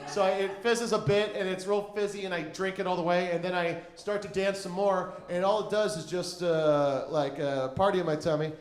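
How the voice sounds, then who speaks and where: A man's voice: high voice, steady tone, moderate pace, hardly any pauses. Rambling stand-up man, echoey stage. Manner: rambling, filler-heavy, acts out quotes. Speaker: stand-up comedian. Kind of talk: stand-up storytelling. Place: comedy club stage.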